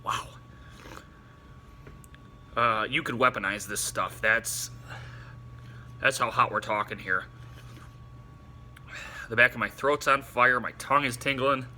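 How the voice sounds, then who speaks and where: A man filming himself through a spicy food challenge, teary and runny-nosed, talking in halting bursts broken by gasps and exclamations. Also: medium pitch, pushed and bright, slight background noise. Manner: halting, breathless exclamations between short remarks. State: eyes watering, nose running, in pain from spice. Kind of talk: casual on-camera commentary.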